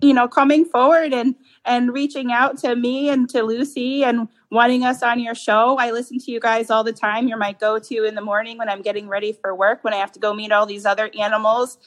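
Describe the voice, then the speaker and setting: A woman guest with a somewhat high voice talks in a loose, chatty way, rambling and filling pauses with "you know" and "um." It sounds like relaxed conversation on a podcast. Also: rough recording. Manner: chatty, rambling, with many fillers. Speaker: guest, dog owner. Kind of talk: casual interview chat.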